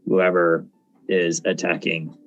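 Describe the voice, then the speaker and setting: A man's voice: deep voice, level tone, slow pace, a bit bright, muffled recording, faint music behind. A man playing in a tabletop game, joking around with his friends. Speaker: player.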